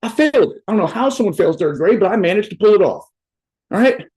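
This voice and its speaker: A motivational speaker on a video call for a virtual event jokes, swears and rambles, tacking "right?" onto almost every point. He talks fast in a high voice with lively intonation and a darkish tone, though the audio is poor.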